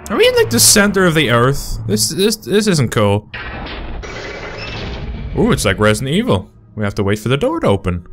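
A young man giving excitable, profane commentary while playing a horror game. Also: on the high side, moderate pace, soft background music. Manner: excitable, swears often, shrieks when startled. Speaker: gaming video host.

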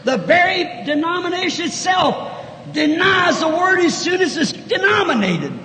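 A man preaching a fervent sermon, swinging from shouted lines to hushed asides in a large church. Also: very high-pitched, lively intonation, a little slow. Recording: echoey 1960s church hall recording with faint noise.

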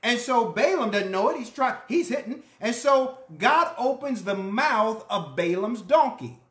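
A pastor preaching a sermon, telling a story in an animated way and acting out the characters' lines. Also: medium pitch, measured pace, echoey room. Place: church.

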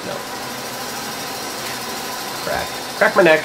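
Lively, swearing young man playing a game. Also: mid-range voice, moderate pace, noisy background. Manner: frustrated, swears a lot, mutters to himself. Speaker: gaming commentator. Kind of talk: casual let's-play commentary.

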